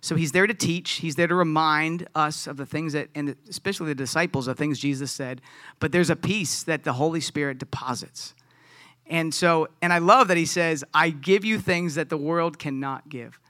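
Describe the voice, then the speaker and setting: A male pastor delivering a sermon in an earnest, conversational way, often restarting his sentences as he thinks. His voice sits a bit high for a man and sounds bright and forceful. The sound is dry and close, with no room around it. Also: moderate pace, dry recording.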